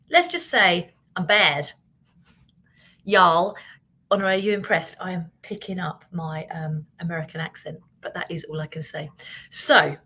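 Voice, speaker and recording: A British woman with a British accent, hosting a casual live stream as a business coach, chatting quickly and animatedly and reading out viewer comments. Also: a little high. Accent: British English. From Britain. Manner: fast-talking, animated, chatty and self-mocking.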